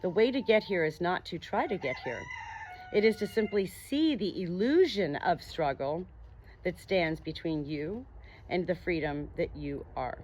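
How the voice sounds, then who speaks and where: A woman reading an audiobook, voicing a gentle, wise male monster with a soft, melodious, slow and soothing voice. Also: lowish voice, expressive, a little hiss or hum. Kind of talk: audiobook narration.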